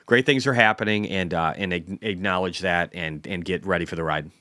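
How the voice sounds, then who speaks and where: A man's voice: sits low, brisk, bright, forceful tone, dry recording, clean studio sound. A man in his forties hosting a casual stock market livestream, rambling and self-deprecating, often repeating words. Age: 40s.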